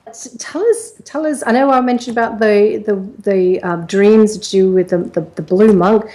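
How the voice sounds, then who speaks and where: A woman's voice: mid-range voice, warm tone. A woman hosting an interview, chatty and loose with fillers. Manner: chatty, with fillers and quick laughs. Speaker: host.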